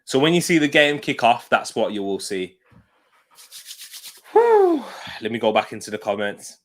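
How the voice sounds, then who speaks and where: A man's voice: on the low side, animated, a little fast, a bit bright, a little hiss or hum. A man with a British accent hosting a live football watch-along stream, chatting casually, laughing often and reading out viewer comments while sitting back from his desk mic. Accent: British English. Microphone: desk mic, sits back from it.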